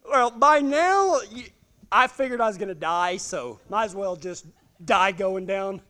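A man telling a self-deprecating, humorous story in a sermon, animated and laughing often. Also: sits high, normal speed.

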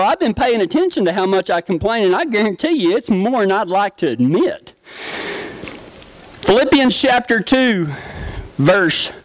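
A man's voice: sits high, dry recording, rough recording. A middle-aged man from Texas with a West Texas accent, preaching a folksy, joking sermon to his congregation. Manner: storytelling, down-home, joking with congregation. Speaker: pastor.

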